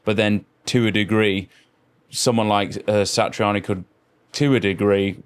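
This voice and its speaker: A middle-aged man with a fairly low voice, co-hosting a casual podcast. He tells stories excitably and keeps digressing, his pitch leaping up when he gets carried away. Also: measured pace, clear, resonant tone. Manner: excitable storyteller, digresses, jumps sharply in pitch. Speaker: podcast co-host. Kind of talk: casual chat about guitarists.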